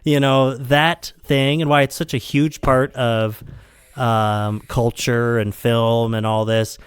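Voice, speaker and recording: A man's voice: mid-range voice, level tone, slow, clean tone, no room sound. A man hosting a podcast in casual chat, rambling with many fillers and frequent laughter. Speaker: podcast host.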